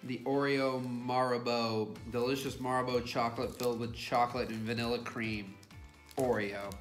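A man's voice: medium pitch, level tone, normal speed. A man co-hosting a casual snack unboxing, reading product blurbs and fun facts aloud. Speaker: co-host. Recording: echoey room with music.

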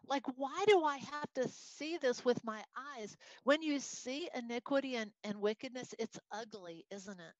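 Leading a Bible study, a Texan-accented woman works through a worksheet, putting on expressive voices for her quotes. She speaks at a moderate pace in a voice that sits high. The sound is lo-fi with no echo.

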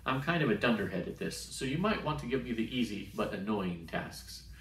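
A man's voice: fairly low pitch, big pitch swings, fairly quick, gravelly. A man reading aloud and voicing a brash, scrappy young woman pilot cadet with a punchy, eager delivery. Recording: roomy sound from a distant mic.

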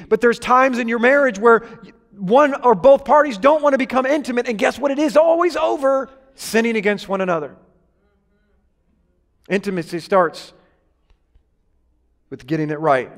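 A man's voice: high voice, a bit bright. A man preaching a sermon to a congregation, joking with them and drawing amens and laughter. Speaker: pastor. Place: church hall with congregation. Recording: echoey hall reverb.

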